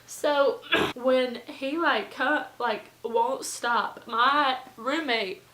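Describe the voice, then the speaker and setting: A young woman, telling a storytime vlog in a chatty, animated way full of fillers. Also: sits high, drawn-out words, echoey room, low-quality recording. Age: young adult. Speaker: vlogger.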